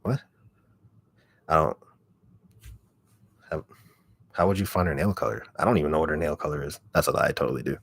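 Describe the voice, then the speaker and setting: Deep raspy man chatting on a livestream. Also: expressive, a little fast, long pauses, fairly bright tone, no echo, clean studio sound. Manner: rambling storytelling full of fillers and swearing. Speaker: ASMR YouTuber. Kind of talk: casual livestream chat.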